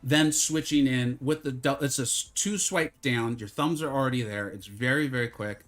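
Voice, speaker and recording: A man streaming a mobile fighting game live, chatting casually with his viewers, joking at his own expense, and sometimes slipping into a mock infomercial pitch. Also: moderate pace. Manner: chatty, self-deprecating, bursts into mock infomercial hype. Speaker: gaming streamer.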